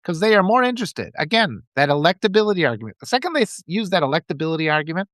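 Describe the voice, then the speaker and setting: A man's voice: sits high, sing-song, very fast, fairly bright tone, no room sound, studio quality. A man hosting a livestream, giving impassioned political commentary and reading out viewers' chat, often repeating phrases for emphasis. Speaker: livestream host.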